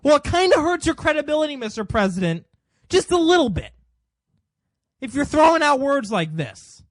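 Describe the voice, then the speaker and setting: A man's voice: very high-pitched, very animated, normal speed, no room sound. A man hosting a political commentary show, delivering an indignant monologue full of rhetorical questions.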